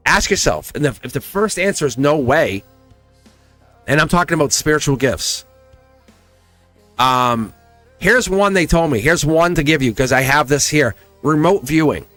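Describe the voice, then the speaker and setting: A man's voice: fairly high pitch, expressive, normal speed, long pauses, fairly bright tone, faint music behind. Chatty Southern man reading tarot. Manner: chatty, laughs often, speaks straight to viewers. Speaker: tarot reader. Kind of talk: casual livestream chat.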